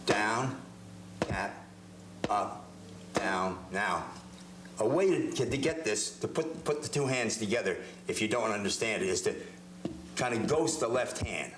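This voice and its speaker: A man's voice: fairly low pitch, expressive, unhurried, pauses often, echoey room, noisy background. A man giving a hands-on drum lesson, explaining technique step by step and often repeating words as he demonstrates. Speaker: drum teacher. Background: drum hits between phrases.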